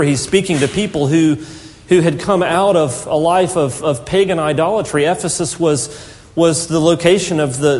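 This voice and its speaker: A man preaching a sermon as a pastor, earnest and emphatic, slowing down to stress key phrases. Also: on the high side, a little mellow, in a large hall.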